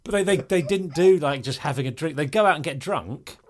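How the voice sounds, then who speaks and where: A man co-hosting a podcast, telling a halting story in casual chat with fillers and repeats. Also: fairly high pitch.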